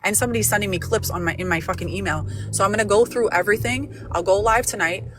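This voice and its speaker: A woman's voice: mid-range voice, fast, a bit bright. Woman, livestream host, heated rant, profane, faint background hiss. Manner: angry, profane, repeats herself.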